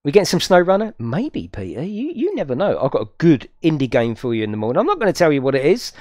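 Excitable man streaming a game. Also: fairly high pitch, quick pace, no room sound. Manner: excitable, chatty, talks to chat viewers. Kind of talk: live gameplay commentary.

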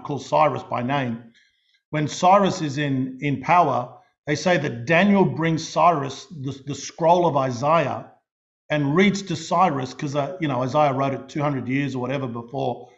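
A middle-aged Australian man preaching a sermon, telling stories in an animated way and often restarting and repeating his words. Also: fairly high pitch, creaky. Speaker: pastor. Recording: dull lo-fi recording.

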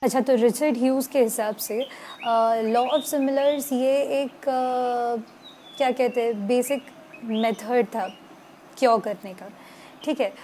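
High-pitched Indian woman lecturing hesitantly. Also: fairly even intonation, very fast, warm tone, slight background noise. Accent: Indian English. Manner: hesitant, many fillers, switches between English and Hindi. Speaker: homeopathy lecturer. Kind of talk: casual online lecture.

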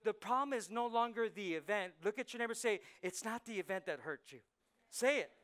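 A man preaching a conversational sermon as pastor, swinging from soft asides to loud punchlines. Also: sits high, animated, brisk. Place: church sanctuary.

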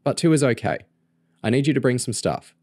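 A man's voice: medium pitch, lively intonation, brisk, darkish tone, no echo, studio quality, voice pushed up. A man voicing a bossy, determined teenage girl agent who talks in urgent, clipped commands.

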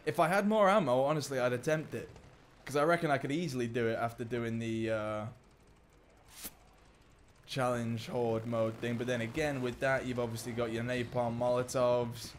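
In this let's play, a young YouTuber jokes excitedly through the playthrough and addresses the game's characters directly. He has a mid-range voice at a normal speed, and there's a little hiss or hum.

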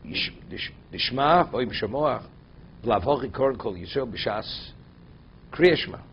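A man's voice: mid-range voice, dull audio, slight background noise. Man teaching a text-based halacha class. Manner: reads Hebrew text aloud, then explains it in English. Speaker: Torah teacher.

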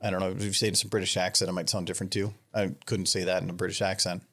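A man's voice: low-pitched, little pitch movement, rapid-fire, pushed and bright. Casual rambling male podcast host. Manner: rambling, laughing, many fillers. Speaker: podcast host running trivia. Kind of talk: casual group chat.

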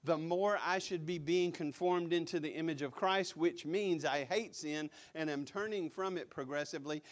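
A man preaching from the pulpit in a slightly high voice. He leans hard on repeated words and keeps asking his listeners direct questions. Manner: emphatic, repeats key words, asks the congregation direct questions. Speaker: pastor. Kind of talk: sermon. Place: church sanctuary.

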